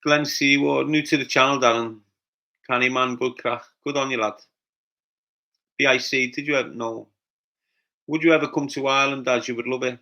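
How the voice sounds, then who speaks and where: A man's voice: mid-range voice, steady tone, normal speed, long pauses, sharp tone. A middle-aged man with a Scouse accent, hosting a casual livestream and answering viewers' comments one by one. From Liverpool, England. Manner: chatty, reads out usernames and answers them.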